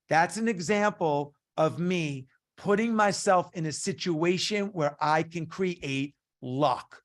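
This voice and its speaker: A middle-aged man leads an online business coaching session. His voice sits a little high, and he tells stories in a punchy, animated way, acting out the back-and-forth of each scene. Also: slow, hardly any pauses. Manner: storytelling, punchy and animated, acts out dialogue.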